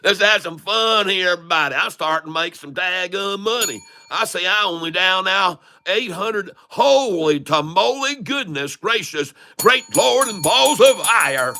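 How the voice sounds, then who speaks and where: A man's voice: sits high, animated, a little slow, few pauses, bright, forceful tone, soft background music, pitched above the performer's own voice, heavily acted. A man putting on a gleeful, rowdy country redneck character, drawling and hollering folksy exclamations while he trades.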